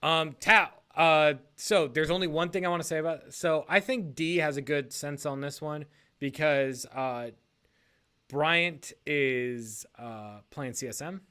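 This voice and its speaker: A man with a fairly high voice and a bright, pushing edge chats loosely on a podcast. He rambles, breaks off his sentences to fix them, and laughs as he goes. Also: unhurried, smooth. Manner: rambling, self-correcting, laughs often. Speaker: league podcast co-host. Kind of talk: casual podcast chat.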